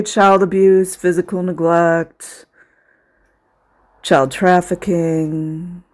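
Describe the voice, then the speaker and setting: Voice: medium pitch, measured pace. A video commentator talking casually over footage, sarcastic and indignant, sometimes sounding close to tears.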